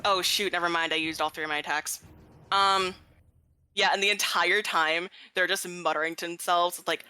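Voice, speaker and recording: A woman's voice: lowish voice, fairly even intonation, normal speed, pushed and bright, smooth. A woman playing a tabletop game, chatting casually as she counts damage and checks rules. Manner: casual, laughing. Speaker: player.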